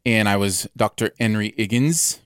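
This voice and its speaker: A man hosting a podcast in casual chat, animated and jumping up in pitch when excited. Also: normal speed, clean tone, no room sound, studio quality. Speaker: podcast host.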